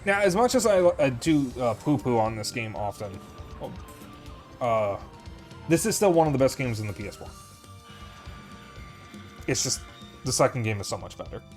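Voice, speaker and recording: A man's voice: medium pitch, very animated, normal speed, long pauses, a little mellow, soft background music. Casual, profane young male game streamer. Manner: candid, profane, rambling with fillers. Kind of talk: casual gameplay commentary.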